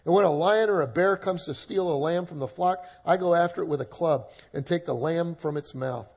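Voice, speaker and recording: A man's voice: fairly high pitch, brisk, darkish tone. A man voicing a bold young shepherd boy, retelling the lines in a brash, confident way.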